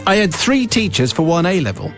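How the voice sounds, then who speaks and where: A radio host reading a listener's confession aloud, with wry, theatrical storytelling and dry asides. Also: male voice, high-pitched, sing-song, brisk, faint music behind. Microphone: studio microphone.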